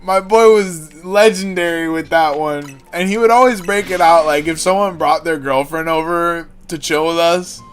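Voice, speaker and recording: Rambling, joking young male streamer. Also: fairly high pitch. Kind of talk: casual livestream chat.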